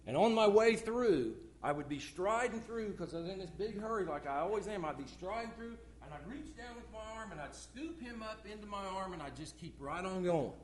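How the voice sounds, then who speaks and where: A middle-aged man preaching a sermon in church, swinging from loud outbursts to hushed, low asides. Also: animated, moderate pace.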